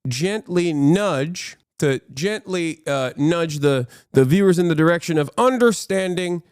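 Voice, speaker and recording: A man's voice: on the high side, lively intonation, measured pace, darkish tone, smooth, no echo, studio quality. Rambling, profane male streamer commentator. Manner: rambling, profane, frequent restarts. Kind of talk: casual livestream commentary.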